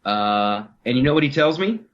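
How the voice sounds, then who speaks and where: A man's voice: medium pitch, expressive, moderate pace, lo-fi sound. A man hosting a comedy podcast, riffing in a casual, mocking way and mimicking politicians.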